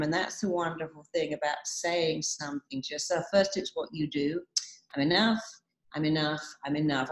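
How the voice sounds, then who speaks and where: A woman with a fairly low voice speaks in a motivational talk, moving from one client story to the next and repeating short affirmations. Her voice carries a noticeable room echo.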